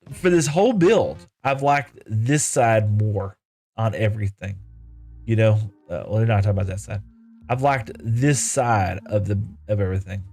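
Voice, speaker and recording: Guy streaming a block game, lively up-and-down voice, reads chat out loud, thanks everyone, soft music behind. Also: lowish voice. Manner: chatty, reads viewer comments aloud, thanks viewers. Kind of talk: casual live-stream chat while playing.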